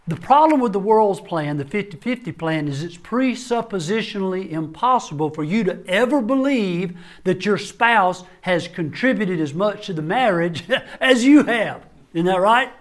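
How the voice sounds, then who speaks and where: An older man with a notably high voice delivers a sermon-style talk to a room of men. He tells folksy, self-deprecating stories with dry asides, then drops to a quiet, low voice for serious points. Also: animated, moderate pace, hardly any pauses. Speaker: family doctor and conference speaker.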